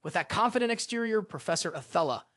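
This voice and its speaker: Recap narrator, animated pitch, dry close recording, scripted storytelling. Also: fast talker, no room sound.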